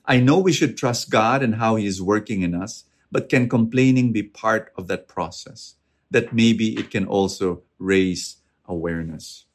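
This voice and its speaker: A man's voice: lowish voice, a little slow. A man giving a conversational faith talk, earnest and emphatic, often repeating words as he stresses a point. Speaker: preacher answering audience questions.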